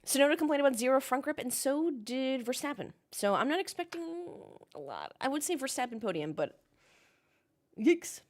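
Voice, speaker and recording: A woman's voice: high-pitched, expressive, normal speed. Chatty woman streamer talking with chat. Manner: chatty, reads out chat comments, rants with swearing. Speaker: livestream host watching a race with chat. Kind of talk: casual livestream chat. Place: home, in Melbourne.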